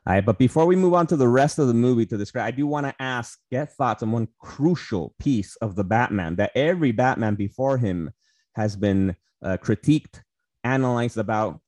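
A podcast co-host rambles through a casual movie discussion, full of fillers and swearing. His mid-range voice is a little mellow, with lively intonation at a normal speed, captured in a dry, studio-quality recording.

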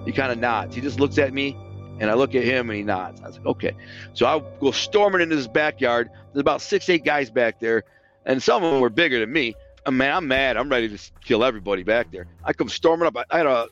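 A man's voice: mid-range voice, fairly bright tone, highs cut off. A man casually recounting his past in a streetwise, profane way, acting out what other people said. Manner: streetwise, profane, re-enacts quoted speech. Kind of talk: casual storytelling.

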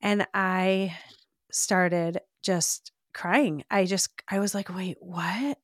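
A woman's voice: mid-range voice, little pitch movement, extremely slow, no echo, studio quality. A woman as a podcast guest, telling a personal faith testimony in an earnest, heartfelt way, often saying "like". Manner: earnest, heartfelt storytelling with frequent "like".

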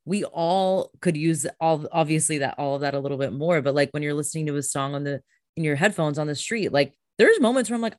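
A woman's voice: sits low, fast talker, dry recording, studio quality. A woman guest on a podcast, a coach, talking enthusiastically and emphatically in casual chat.

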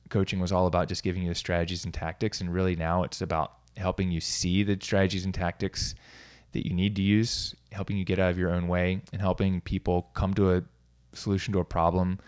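A man with a fairly low voice talks loosely and off the cuff, circling back on his sentences. He drops in quick laughs at his own stories and keeps an easygoing coaching tone. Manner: rambling, self-interrupting, laughs at himself. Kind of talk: casual solo talk.

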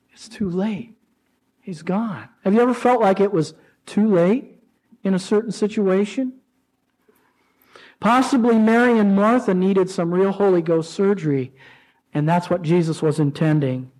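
A man preaching a sermon to his church, with rising emotional pleas and dramatic pauses. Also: sits high, darkish tone, poor audio. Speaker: pastor.

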